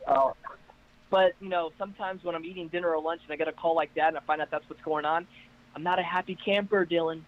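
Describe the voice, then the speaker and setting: A man with a high voice tells stories with plenty of energy and pushes each punchline hard. His voice comes over a video call, and the audio sounds muffled and lo-fi. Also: fast talker, slight background noise. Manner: energetic, hyped-up storyteller. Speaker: caller guest. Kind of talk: casual chat on a video call. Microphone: internet call.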